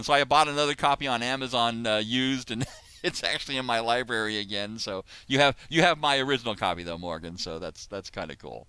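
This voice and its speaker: A man's voice: mid-range voice, fairly quick, bright, forceful tone, clean tone. A middle-aged man, an author hosting a video call, chatting in a rambling way with restarts. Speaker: co-author and host. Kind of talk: casual chat.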